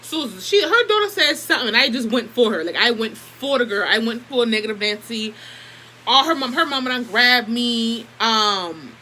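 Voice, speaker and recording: Young woman, storytime vlog, fairly high voice, sharp bright tone, emphatic and profane. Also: moderate pace, slight background noise, rough recording. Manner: profane, animated, emphatic retelling. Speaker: storytime vlogger. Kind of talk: casual storytelling.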